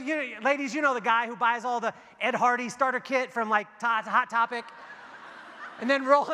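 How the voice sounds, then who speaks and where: A man with a very high, piercingly bright voice tells stories from a stage in a big hall. He jokes with the crowd and acts out the dialogue in a lively way. His voice trails off into a long hall reverb. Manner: animated, jokey storytelling with acted-out dialogue. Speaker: keynote speaker. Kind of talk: motivational keynote storytelling. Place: large hall before a big audience.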